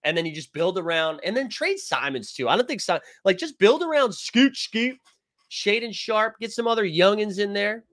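A man hosts a loose live stream, rambling between topics and tossing out jokes as he answers the chat. His voice sits a little high and sounds bright and forward. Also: sing-song, moderate pace. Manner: loose, rambling, jokey, reads comments aloud. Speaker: sports show host reading live chat.

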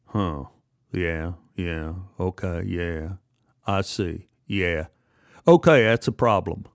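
A man doing a low, drawling store boss. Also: no echo, clean studio sound. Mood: calm. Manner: slow, hesitant, with fillers.

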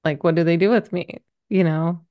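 Woman, deep voice, middle-aged, candid podcast guest, rambling and heartfelt. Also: steady tone, normal speed, mellow. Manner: emotional, rambling, lots of fillers. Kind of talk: candid conversational storytelling.

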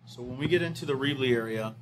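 A man's voice: mid-range voice, fast, noisy background. A middle-aged man, a fire captain, recounting an evacuation with many fillers and restarts, sometimes acting out the voices of others. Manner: acts out quoted voices of others.

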